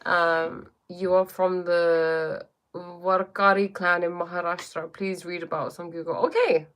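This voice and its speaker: A woman's voice: lowish voice, a little slow, a bit bright, clean tone. Chatty English woman live-streaming. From England. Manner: chatty, reads viewer comments aloud and answers them. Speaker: spiritual teacher hosting a live stream. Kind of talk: casual live-stream chat.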